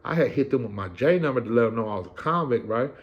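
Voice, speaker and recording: A man's voice: medium pitch, fast talker, highs cut off. A middle-aged man casually telling a story in a streetwise, profane style. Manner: streetwise, profane, animated retelling with quoted voices.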